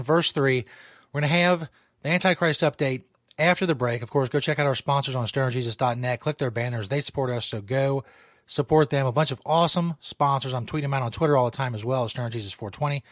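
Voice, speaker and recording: A man's voice: medium pitch, brisk, dry recording, clean studio sound. A man hosting a comedy podcast, talking in a loose, rambling, self-mocking way, often swearing. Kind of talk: casual, profane show banter. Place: small home studio.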